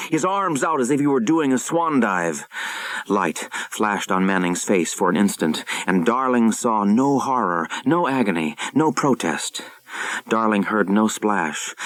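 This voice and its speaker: A man narrating an audiobook in a measured, dramatic storytelling manner, recorded close to the mic. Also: fairly low pitch, no room sound, rough recording.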